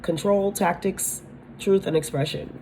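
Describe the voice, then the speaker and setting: A woman's voice: medium pitch, fairly even intonation, a little slow, gravelly, darkish tone, a little hiss or hum. A woman giving a spiritual tarot-style reading, talking bluntly, swearing freely and often asking her listeners if they understand. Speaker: tarot reader.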